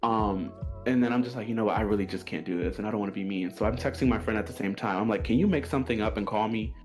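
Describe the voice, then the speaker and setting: A man hosting a casual podcast chat and telling an animated story, acting out the lines of the people in it. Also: fairly low pitch, fast talker, faint music behind. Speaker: podcast host.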